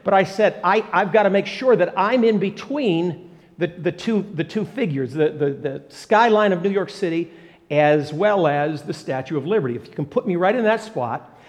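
A man preaching and telling a story, animated, often repeating words and bursting into excitement. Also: high-pitched, moderate pace, long reverb tail. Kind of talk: sermon storytelling.

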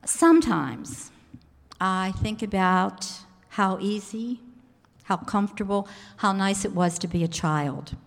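A woman pastor preaching a sermon in a church sanctuary, telling stories in a measured way with pauses. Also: mid-range voice, lively intonation, vocal fry. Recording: echoey hall reverb.

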